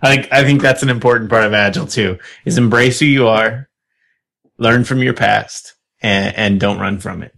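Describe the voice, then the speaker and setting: A man's voice: fairly low pitch, moderate pace, vocal fry. A middle-aged man hosting a podcast, chatting casually and telling stories with frequent laughter. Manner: relaxed storyteller, laughs often. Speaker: podcast host. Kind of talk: casual panel chat.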